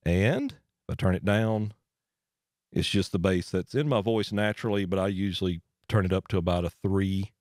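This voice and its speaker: Low-voiced man demoing audio gear. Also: normal speed, no echo, studio quality. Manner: relaxed, folksy explaining with asides. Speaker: audio gear tutorial host. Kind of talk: casual hands-on equipment demo. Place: home studio with air handler running. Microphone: dynamic studio mic through a voice processor.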